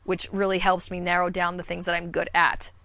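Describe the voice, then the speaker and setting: A woman's voice: lowish voice, completely flat delivery, a little fast, gravelly, bright, forceful tone, no room sound. A woman in her thirties, a voice actor guest, talking candidly and self-deprecatingly in a rambling podcast chat. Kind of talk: casual podcast conversation.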